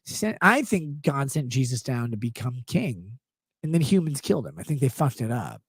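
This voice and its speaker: A man's voice: medium pitch, moderate pace, husky, dry recording. A man hosting a livestream, talking through a casual, irreverent monologue in a profane, mocking way. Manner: profane, mocking, animated riffing. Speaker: livestream host.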